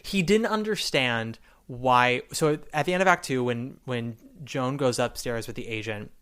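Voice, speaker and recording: Man, podcast host, casual chat, mid-pitched voice, animated retelling. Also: clear, resonant tone. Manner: animated, quick retellings with acted-out quotes.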